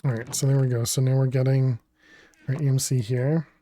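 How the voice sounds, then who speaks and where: There's a little hiss or hum behind this man's medium-pitched voice. Playing a video game on stream, he casually talks through his thoughts and replies to chat, easygoing and unrushed, breaking into laughter often.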